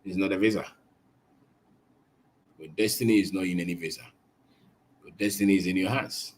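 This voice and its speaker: Speaking on colonisation, a Ghanaian-accented man delivers an emphatic, sermon-like talk, repeating his points and phrases to drive them home and moving between English and Twi. His voice is low and steady, at a normal speed.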